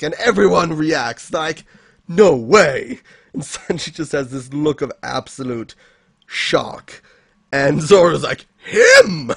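A man's voice: fairly high pitch, gravelly, dry recording. Male co-host, casual recap chat, laughs constantly, acts out character lines, dry sound. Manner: giggly, keeps laughing and acting out characters' lines. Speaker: anime podcast co-host.

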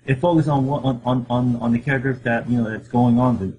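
A man co-hosting a casual manga chat, speaking haltingly and repeating words as he searches for what to say. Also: medium pitch, steady tone, mellow, lo-fi sound, a little hiss or hum. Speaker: podcast co-host.

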